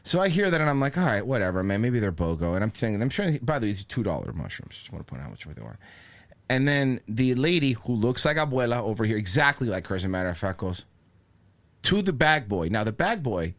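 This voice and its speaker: A man hosting a podcast, telling a comedic rant full of swearing and quick impressions of the people in his story. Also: medium pitch. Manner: animated, profane, mimics people in his stories. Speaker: podcast host.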